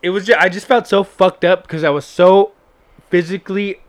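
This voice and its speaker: Male guest storyteller, blunt, profane, casual, a bit high-voiced. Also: steady tone, moderate pace. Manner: candid, heavy swearing, frequent "like" fillers.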